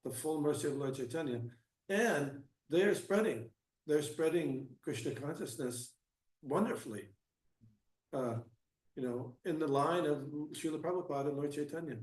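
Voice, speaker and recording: Male scripture teacher, slightly high voice, halting and restarting, distant mic in an echoey hall. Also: animated, a little mellow. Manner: halting, restarts often, grows emphatic. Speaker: class speaker. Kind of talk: scripture class talk with Q&A. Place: temple hall.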